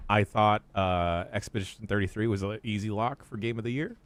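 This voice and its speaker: A man's voice: lowish voice, fairly quick, dry recording. A man hosting a podcast in casual chat, laid-back and swearing freely as he tells anecdotes. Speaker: podcast host.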